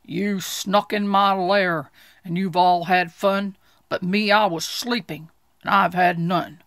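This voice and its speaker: A woman voicing a big grumpy bear in a storybook read-aloud, loud, slow and complaining. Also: lowish voice, steady tone, no echo. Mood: aggrieved.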